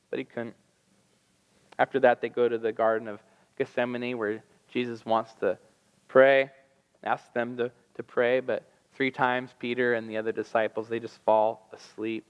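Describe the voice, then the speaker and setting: Animated preacher with big church echo. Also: male voice, mid-range voice, normal speed, smooth. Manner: animated storytelling, acting out voices. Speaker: pastor. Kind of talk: sermon. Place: church sanctuary.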